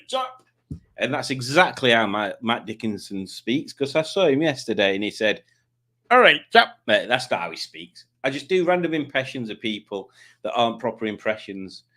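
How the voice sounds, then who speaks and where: A man with a lowish, slightly bright voice hosts a live stream, chatting and joking as he reads viewers' comments aloud. He keeps it jokey and puts on silly voices for the commenters.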